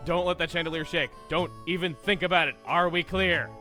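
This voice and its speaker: A man voicing a gruff, bossy male pub owner with a stern, scolding manner and a rough try at a southern drawl, over game music. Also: on the high side, steady tone, brisk, pushed and bright.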